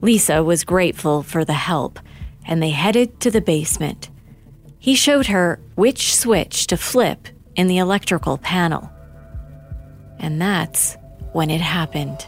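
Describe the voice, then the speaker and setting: A woman narrating a true-crime documentary in a measured, grave scripted delivery. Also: lowish voice, lively intonation, soft background music.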